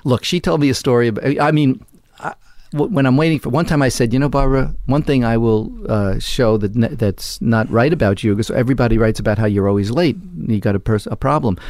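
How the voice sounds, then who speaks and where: A man's voice: medium pitch, brisk, hardly any pauses, a little mellow, no room sound, clean studio sound. A man telling a long anecdote in an interview, acting out quoted lines in other voices. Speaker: interview guest. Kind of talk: conversational storytelling.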